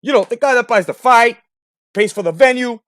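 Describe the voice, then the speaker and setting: A man hosting a boxing talk show, breaking down a clip with profane, animated commentary and rhetorical questions. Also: extremely high pitch, a little fast, clean tone, dry recording, studio quality.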